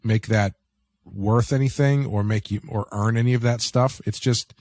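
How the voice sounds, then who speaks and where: A man's voice: medium pitch, moderate pace, darkish tone, no echo. Rambling, casual male podcast co-host. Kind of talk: casual review chat.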